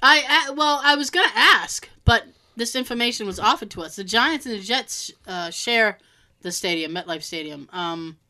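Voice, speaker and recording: A woman from Massachusetts co-hosting a casual chat show, telling stories in an animated way and acting out the people in them. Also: fairly high pitch, moderate pace. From Massachusetts, USA. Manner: animated storytelling, acts out quoted people. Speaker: podcast co-host.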